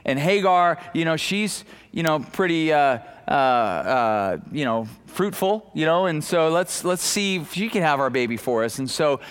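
A man preaching a sermon as pastor, animated and conversational, acting out the people in the story, with many fillers and restarts. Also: a little high, measured pace, few pauses, smooth.

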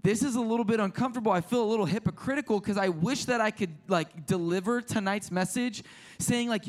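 High-voiced man preaching casually. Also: brisk. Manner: conversational, self-deprecating storytelling with many restarts; drops to a soft hushed voice in prayer. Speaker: pastor. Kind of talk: sermon.

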